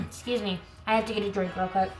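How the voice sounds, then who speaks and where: A woman giving a collective tarot reading who reads card texts aloud and breaks into chatty asides. She is losing her voice and keeps clearing her throat. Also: medium pitch, steady tone, fast talker, music in the background, poor audio. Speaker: tarot reader.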